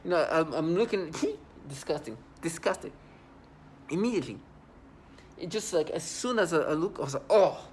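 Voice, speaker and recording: A man's voice: a little high, lively intonation, fairly quick, slight background noise. A man talking straight to camera in a casual monologue, agitated and rambling, repeating himself often.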